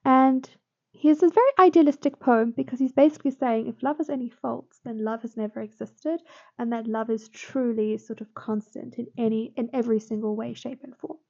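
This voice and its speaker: A woman's voice: a little high, a little fast, creaky, darkish tone. A woman tutor explaining a poem in a lesson, talking it through with fillers and small self-corrections. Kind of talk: poetry analysis lesson. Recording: dull lo-fi sound.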